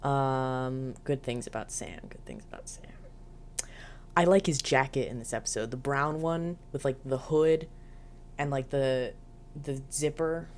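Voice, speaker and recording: Very low-voiced chatty woman. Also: measured pace, darkish tone, a little hiss or hum. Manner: chatty, filler-heavy, giggly asides. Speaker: show reviewer. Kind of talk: casual episode recap.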